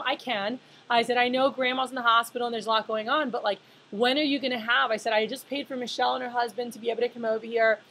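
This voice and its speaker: Woman in her 30s, slightly high, husky voice, loose chatty conference speaker who polls the room. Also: fairly bright tone, rough recording. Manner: chatty, filler-heavy, asks the room questions. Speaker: leadership speaker. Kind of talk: conference talk to a live audience.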